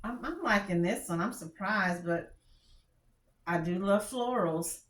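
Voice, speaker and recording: A woman's voice: mid-range voice, a little slow, fairly bright tone, reverberant. A woman with a country Texas drawl chatting candidly as she reviews fragrances, often restarting her sentences. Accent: Texan. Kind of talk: casual product review chat.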